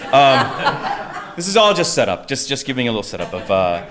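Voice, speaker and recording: An American man tells a personal story on stage at a normal pace, with some background noise behind him. He's animated and laughs often, jumping into high voices whenever he quotes other people in this live storytelling set.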